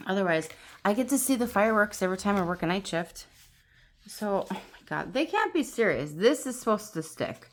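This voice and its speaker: A woman talks casually into her phone camera at home. She gushes and laughs easily, and her voice sits at a middle pitch. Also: normal speed. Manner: excitable, gushing, laughs often. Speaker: vlogger. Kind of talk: casual vlog chat. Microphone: phone camera on tripod.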